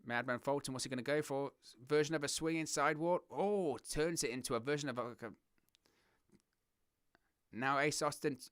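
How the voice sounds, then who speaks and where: A young man from southern England with a southern English accent, hosting a wrestling watch-along with excitable play-by-play commentary. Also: fairly high pitch, a little fast, smooth, no echo, studio quality. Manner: excitable play-by-play, giggles at puns, reads chat.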